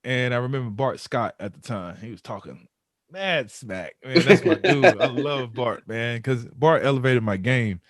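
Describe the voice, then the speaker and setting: A man's voice: mid-range voice, animated, normal speed, no room sound. A man, a former football player, telling a story in a casual conversational interview, often repeating words as he builds up the tale. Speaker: podcast guest, former pro football player.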